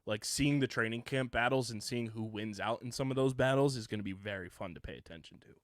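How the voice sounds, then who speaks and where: A man's voice: mid-range voice, quick pace, no echo, studio quality. A young man co-hosting a sports podcast, chatting casually and running through lists of names with lots of fillers. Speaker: podcast co-host.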